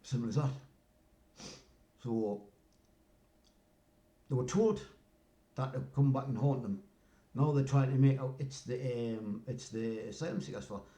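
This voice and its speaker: A man's voice: mid-range voice, unhurried, pauses often, dark tone. An older man, rambling through a casual story and often asking "you know what I mean". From North East England. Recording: roomy echo.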